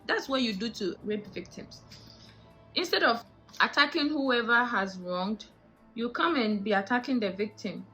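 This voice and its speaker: A young woman with a Ghanaian English accent talks straight to camera in a casual vlog, animated and indignant, firing off rhetorical questions. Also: a little high, unhurried, faint music behind, low-quality recording. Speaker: vlogger.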